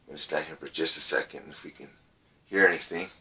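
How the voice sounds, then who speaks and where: A middle-aged man exploring an old abandoned trailer on a casual ghost-hunting vlog, talking in a halting, folksy way and repeating his words. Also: very deep voice, steady tone, pushed and bright, husky. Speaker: paranormal vlogger.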